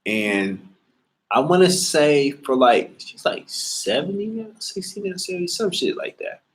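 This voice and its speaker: A man in a casual monologue, talking in a slangy, profane, animated way. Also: on the high side, measured pace.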